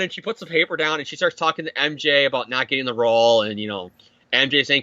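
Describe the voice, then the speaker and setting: Dude recapping a comic, swears a lot, jokey, bright sharp voice, kinda muffled dry audio. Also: male voice, mid-range voice, fairly even intonation, fast talker, no room sound. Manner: profane, jokey, slips into silly character voices. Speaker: podcast host recapping comics. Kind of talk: casual comic recap with acted quotes.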